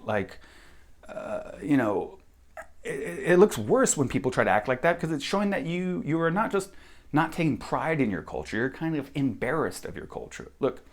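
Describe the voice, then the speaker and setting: An American man giving a blunt, profane opinion monologue as a vlogger. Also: mid-range voice. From United States.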